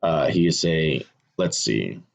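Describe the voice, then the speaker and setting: A man with a very low voice talks casually through his screenplay edits. He thinks aloud, restarting sentences and filling pauses as he goes. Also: animated, vocal fry. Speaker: screenwriter teaching revision. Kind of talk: casual instructional talk.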